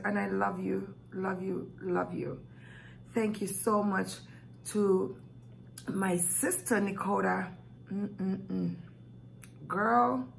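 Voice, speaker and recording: A woman's voice: mid-range voice, creaky, a bit bright, slight background noise, low-quality recording. A woman vlogger thanking her viewers, emotional and gushing, tearing up as she talks. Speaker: mukbang vlogger. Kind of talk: heartfelt thank-you talk to viewers.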